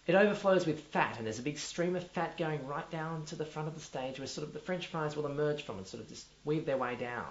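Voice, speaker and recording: A man's voice: fairly high pitch, a little fast, hardly any pauses, a little hiss or hum, natural voice. A man playing a pompous Australian drama teacher. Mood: self-important. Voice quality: pompous, rambling with many restarts. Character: pompous self-important male drama teacher. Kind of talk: mockumentary comedy. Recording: dull lo-fi audio in an echoey room with faint music.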